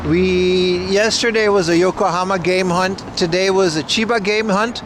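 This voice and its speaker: A man streaming on the move, chatting loosely with his viewers about shops and cars. His voice sits fairly high for a man. Loud street noise and passing cars surround him. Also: steady tone, normal speed. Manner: chatty, addresses chat directly. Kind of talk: casual IRL livestream commentary. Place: outdoors on city streets. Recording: noisy outdoor street recording.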